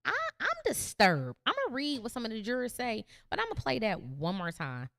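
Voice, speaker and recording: A woman's voice: a little high, huge pitch swings, quick pace, creaky, a bit bright, no echo, clean studio sound. A woman hosting a podcast, giving earnest, emphatic commentary on a video she is reacting to. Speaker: podcast host. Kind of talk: opinionated commentary.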